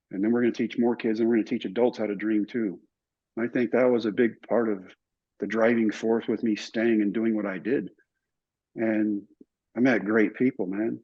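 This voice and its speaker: Older man, husky voice, lively storyteller in an interview, slightly muffled recording. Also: on the low side. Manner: animated storyteller, acts out other people's lines. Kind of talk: telling stories in a relaxed interview. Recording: somewhat dull, muffled recording.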